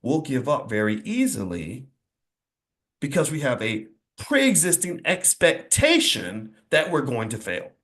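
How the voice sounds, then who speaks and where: A man's voice: mid-range voice, huge pitch swings, a little slow, fairly bright tone. A man giving a motivational speech to a live audience, with an emphatic, preacher-like cadence, repeated phrases and blunt folksy asides.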